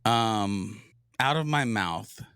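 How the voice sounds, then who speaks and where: A man's voice: lowish voice, animated, drawn-out words, fairly bright tone, clean tone, no echo, clean studio sound. A middle-aged man co-hosting a podcast, speaking in an earnest, heartfelt and candid way. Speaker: podcast co-host. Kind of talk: casual podcast chat.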